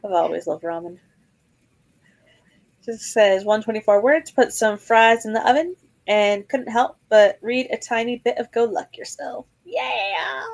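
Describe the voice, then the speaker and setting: A woman's voice: on the high side, normal speed, low-quality recording. A woman hosting a casual livestream, chatting and reading viewers' comments aloud in a playful, mock-dramatic way. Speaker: livestream host.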